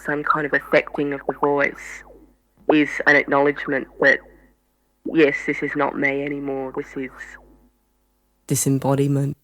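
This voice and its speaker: A speaker with a broad Australian accent and a nasal voice, talking in a thoughtful, halting monologue for a radio art piece. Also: medium pitch, pushed and bright, rough recording. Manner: thoughtful, halting, with frequent ums. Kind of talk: reflective spoken monologue.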